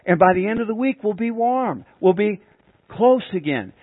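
A man preaching a sermon with a dramatic delivery, asking the congregation questions and slowing down for emphasis. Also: high voice, lively intonation, dry recording. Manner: dramatic, shouts out acted cries in an illustration. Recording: tinny phone-like dry sound.

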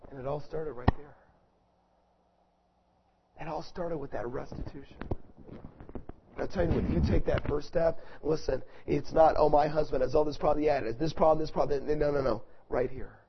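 A man preaching a sermon, swinging from loud, forceful preaching to soft, hushed storytelling. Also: on the high side, normal speed, creaky, long pauses, muffled recording, heavy background noise.

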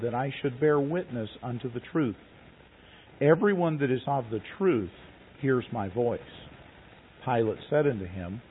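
A man preaching a sermon, reading scripture slowly and then retelling it in plain conversational words. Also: medium pitch, slightly rough. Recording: tinny phone-like recording.

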